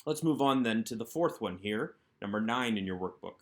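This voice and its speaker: Male language teacher, lowish voice, patient and methodical, recorded lesson. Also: expressive, a little fast. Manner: patient, methodical explaining of grammar. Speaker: Hebrew teacher.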